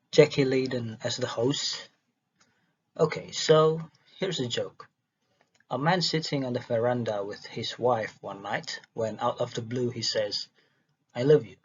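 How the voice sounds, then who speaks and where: Husky man reading haltingly aloud. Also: medium pitch. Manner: halting reading with restarts and stumbles. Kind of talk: reading a dialogue transcript aloud. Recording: dull lo-fi recording.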